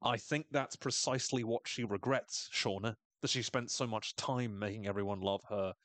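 A man with a fairly low voice recaps a TV episode in casual, wry chat and laughs often. He sounds close and dry, with no room in the sound. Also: normal speed, a bit bright, dry recording. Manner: wry, chatty, laughs often, quotes characters in funny voices. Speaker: podcast host recapping a TV episode.

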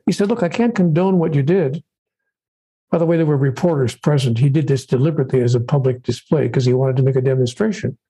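Gravelly, dark-voiced older man, preacherly. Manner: measured, preacherly, drops low and soft for quotes. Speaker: author and spiritual teacher. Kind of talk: interview, storytelling.

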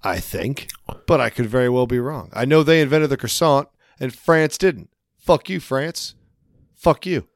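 A man's voice: mid-range voice, unhurried, no room sound, studio quality. A man co-hosting a casual podcast, telling rambling stories and swearing freely. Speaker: podcast co-host. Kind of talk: casual chat.

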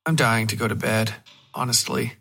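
A man's voice: mid-range voice, steady tone, normal speed, gravelly, bright, forceful tone. Man playing dry, teasing young woman partner, weary, raised voice, audio horror story.

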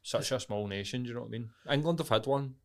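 A man's voice: medium pitch, fast talker. A young Scottish man with a Glasgow accent, co-hosting a podcast and telling stories in casual, sweary banter. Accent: Scottish, Glasgow area. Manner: swearing, banter-heavy storytelling. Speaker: podcast co-host. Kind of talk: casual chat.

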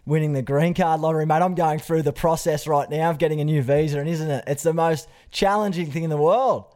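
A man's voice: on the high side, fairly quick. A young Australian man hosting a podcast, earnest and chatty, calling his guest mate. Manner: warm, earnest, says mate often. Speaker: podcast host. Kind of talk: casual podcast interview.

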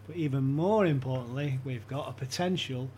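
A man's voice: medium pitch, normal speed, a little mellow, a little hiss or hum. A man as a podcast guest, telling anecdotes in casual chat and chuckling often as he talks.

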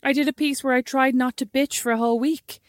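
A woman co-hosting a podcast who rattles off gossip at a fast clip. Her delivery is chatty and giggly, on a dry, close studio mic. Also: sits high, fairly even intonation, no room sound. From Ireland. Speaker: podcast co-host. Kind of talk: casual chat.

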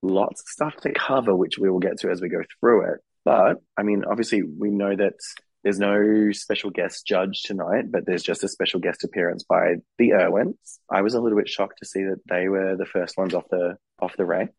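A hoarse, husky man co-hosts a casual podcast, his voice very low and rough from illness. He chats cheekily and swears freely. The sound is close and dry. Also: normal speed, dry recording, rough recording. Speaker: podcast co-host. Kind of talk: casual chat.

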